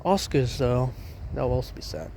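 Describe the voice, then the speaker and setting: A man's voice: medium pitch, sing-song, moderate pace, mellow, a little hiss or hum. A young Australian man vlogging about trains, rambling outdoors on a station platform with fillers and restarts, a lozenge in his mouth. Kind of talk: casual walking commentary.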